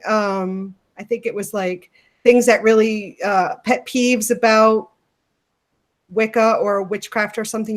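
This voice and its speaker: A woman co-hosting a casual livestream chat, talking loosely with many fillers and restarts. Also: on the high side. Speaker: podcast co-host.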